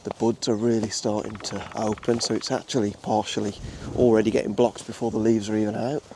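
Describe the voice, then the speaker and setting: Speaking a little fast with flat delivery, a young man with a fairly low voice and an English Midlands accent vlogs outdoors. As a wildlife photographer filming a nature reserve walk, he chats casually with many fillers and restarts. The background is noisy.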